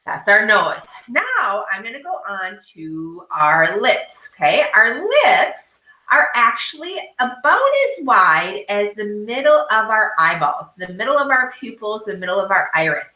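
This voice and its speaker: A woman's voice: mid-range voice, sing-song, a little slow, pushed and bright, echoey room, poor audio. A woman art teacher guiding children through a drawing step by step, often checking in with "okay?".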